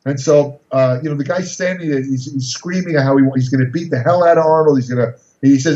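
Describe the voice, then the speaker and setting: A man's voice: mid-range voice, very fast. Older man telling an anecdote, echoey. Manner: animated, repeats words and restarts often. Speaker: guest storyteller. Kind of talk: casual interview anecdote. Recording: echoey, slightly dull recording.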